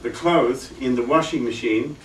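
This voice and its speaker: A man's voice: medium pitch, moderate pace, a little hiss or hum. A man who is a guitarist, giving a workshop in casual teaching talk, chatty, sounding out rhythms with his voice. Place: music shop event room. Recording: roomy room, distant mic, guitar playing.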